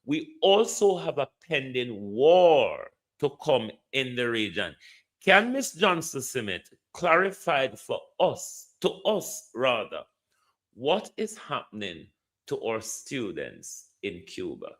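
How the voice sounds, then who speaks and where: A man's voice: mid-range voice, very animated, takes it slowly, fairly bright tone. A Jamaican man hosting a commentary show, making impassioned appeals to the government and answering listeners. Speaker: host.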